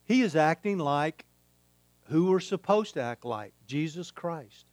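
A man's voice: on the high side, lively intonation, measured pace, no echo. A man preaching a sermon, emphatic and repeating his key phrases. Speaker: pastor.

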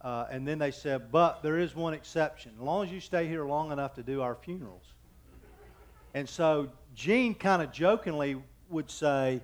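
A man in his fifties preaching a sermon as pastor, telling folksy, joking anecdotes and often stopping to restart his sentences. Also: a little high. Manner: halting, with frequent restarts.

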